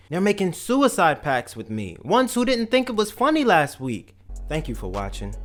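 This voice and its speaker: A man spins dark jokes in a deadpan comedic monologue. His voice sits slightly high and swings widely in pitch. Faint music plays under him. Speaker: storytelling comedian.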